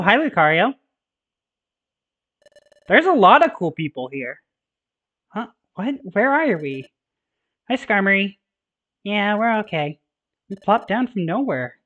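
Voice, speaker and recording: Playful gaming host: chatty, reads dialogue aloud, mid-pitched, dull home mic. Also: fairly bright tone. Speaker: let's play host. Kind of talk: casual let's play commentary. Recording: slightly dull mic, game music under.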